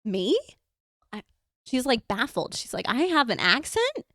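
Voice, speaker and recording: A chatty older Southern lady, put on by a woman retelling a story, her voice lifted high and a little brighter than the teller's own. She sounds sweet, nosy and honestly baffled. The sound is dry and close. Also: big pitch swings, moderate pace, no echo.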